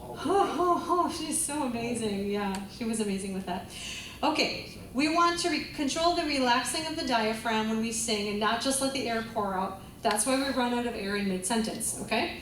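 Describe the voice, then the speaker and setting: A woman's voice, pitched on the high side and a little bright, moves at a slightly fast clip over faint background noise. She's a vocal coach leading a group class in a large room, chatty, enthusiastic and often laughing. The room is echoey and she's heard from a distance.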